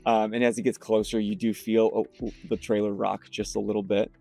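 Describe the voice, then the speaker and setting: A man's voice: lowish voice, level tone, brisk, gravelly, dark tone. Man narrating as game master.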